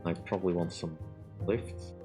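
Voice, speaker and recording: A man's voice: sits low, fairly even intonation, moderate pace, music in the background. A man giving casual commentary on his game, with mumbled, offhand remarks to himself. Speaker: let's play host.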